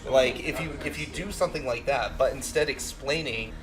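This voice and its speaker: A man co-hosting a casual chat, animated and opinionated. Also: mid-range voice, brisk, low-quality recording. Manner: animated, opinionated, laughs often. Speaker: podcast co-host.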